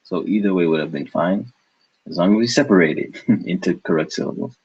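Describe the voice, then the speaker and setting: A man's voice: low-pitched, fairly quick, a little mellow, husky, muffled recording. A man teaching a language lesson, patiently breaking words into syllables and repeating them.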